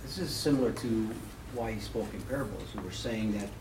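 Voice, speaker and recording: Fast-talking lower-voiced man in a class. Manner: quick, loose phrasing with trailing fillers. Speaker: class member. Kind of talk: comment in a class discussion. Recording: echoey room, far from the mic, audible noise.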